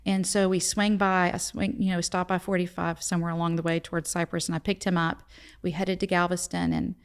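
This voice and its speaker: A woman's voice: fairly low pitch, flat delivery, fairly quick, clear, resonant tone. A middle-aged woman, a guest telling a personal story in conversation, acting out the dialogue in earnest. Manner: retells events by acting out quoted dialogue, earnest.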